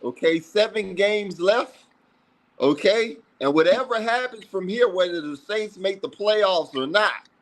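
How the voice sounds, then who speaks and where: A man's voice: high voice, lively intonation. A man with a New Orleans accent hosting a sports podcast, making a long, repetitive appeal to fans in casual talk. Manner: pleading, repetitive, drawn-out fan appeal. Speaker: podcast host.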